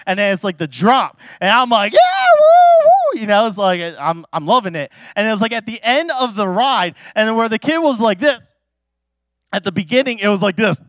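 Male pastor, high voice, casual storytelling sermon, chatty, lots of fillers and restarts, dry close sound. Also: a little fast, fairly bright tone, no room sound. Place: church.

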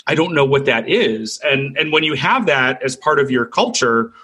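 A man's voice: mid-range voice, animated, normal speed, bright, forceful tone, breathy edge. A man on a casual panel chat, reflecting and telling an anecdote with frequent restarts.

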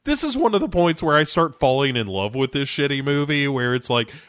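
A man's voice: fairly high pitch, expressive, fairly quick, fairly bright tone, no room sound, studio quality. A man co-hosting a podcast, chatting casually and sarcastically about a bad movie, swearing freely. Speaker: podcast co-host. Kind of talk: casual movie-riffing chat.

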